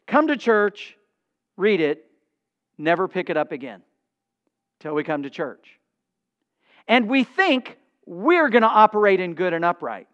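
An older man preaching a sermon as pastor, emphatic, with dramatic pauses and acted-out exchanges. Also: high voice, fairly bright tone, lo-fi sound.

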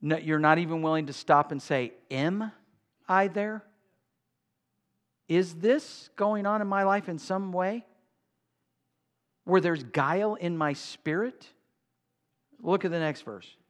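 A man preaching a sermon, swinging between quiet talk and loud, drawn-out emphasis. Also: sits high. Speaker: pastor.

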